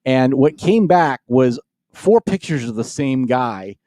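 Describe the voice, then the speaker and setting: A man's voice: medium pitch, lively intonation, takes it slowly, dark tone, no echo, clean studio sound. A man hosting a comedy podcast, telling stories in a playful, teasing way. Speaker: podcast host. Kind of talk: casual comedic chat.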